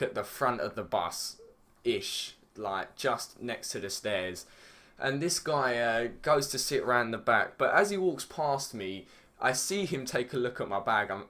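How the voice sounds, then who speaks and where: A man's voice: mid-range voice, a bit bright. A teenage boy with an English accent telling a story casually, rambling, swearing and filling with "like". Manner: rambling, swears a lot, heavy use of "like". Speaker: vlogger.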